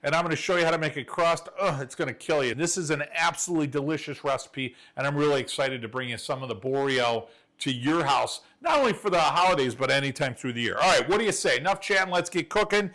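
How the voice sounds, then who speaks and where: An enthusiastic man hosts a cooking show from his home kitchen, with a slightly higher voice than most men. He chats folksily and straight to the camera, walking viewers through a recipe. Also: lively intonation, fast talker, few pauses, a bit bright. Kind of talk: chatty cooking demonstration.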